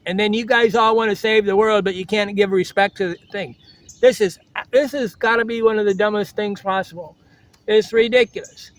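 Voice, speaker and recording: An older man talks straight to his vlog audience in a high-pitched voice. His delivery is blunt and preachy, and he keeps circling back to the same catchphrases. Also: fairly even intonation, normal speed. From United States. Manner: blunt, lecturing, repeats slogans. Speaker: travel vlogger. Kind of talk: blunt motivational monologue.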